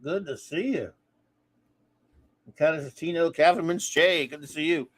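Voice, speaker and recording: A man's voice: a little high, dry recording. Rambling, stumbling man hosting a live show. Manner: rambling, stumbling, self-correcting with quick laughs. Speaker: podcast host reading listener reviews. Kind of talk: casual live-stream chat.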